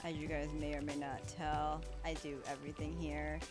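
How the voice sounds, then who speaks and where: A woman's voice: low-pitched, little pitch movement, normal speed. A woman streamer chatting casually with her chat while she draws, bubbly and a bit chaotic. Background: background music.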